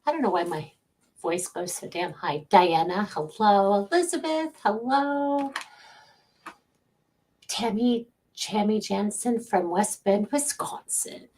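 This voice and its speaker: A woman's voice: mid-range voice, animated, slow, a little mellow. A middle-aged woman hosting a casual livestream as a psychic medium, chatting from home, greeting viewers by name and laughing often.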